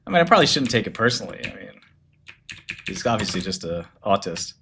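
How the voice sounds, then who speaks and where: A man's voice: lowish voice, very animated, quick pace, vocal fry, noisy background. A man chatting casually on a livestream, blunt and profane, laughing often and acting out what other people said. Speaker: streamer talking about business.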